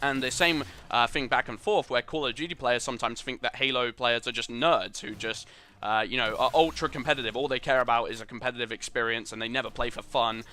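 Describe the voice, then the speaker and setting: A young man talks over his gameplay in a bright, forward voice. He rambles earnestly through his opinions, leaning on fillers as he goes. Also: mid-range voice, fairly quick. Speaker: gaming channel host.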